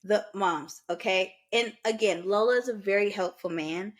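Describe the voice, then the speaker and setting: Young American woman, podcast co-host, casual animated storyteller, mid pitch. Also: moderate pace. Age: young adult. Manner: animated, lively storytelling with quoted asides.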